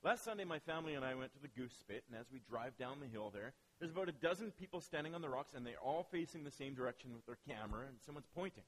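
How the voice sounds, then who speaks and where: A man preaching a sermon as pastor, telling stories with lively asides and acting out quoted voices. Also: medium pitch, quick pace, few pauses, rough recording.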